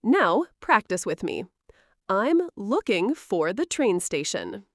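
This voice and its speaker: A woman teaching everyday English phrases in a slow, clear, encouraging scripted lesson, asking the listener to repeat after her. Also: mid-range voice, sing-song, no room sound, studio quality.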